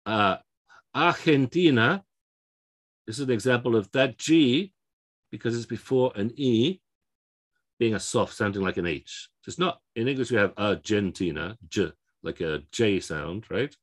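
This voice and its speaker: A man's voice: on the low side, expressive, moderate pace. A man teaching Spanish pronunciation in a lecture, explaining rules step by step and often checking in with "okay?". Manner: explanatory, frequent fillers and restarts, checks in with okay. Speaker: Spanish language instructor.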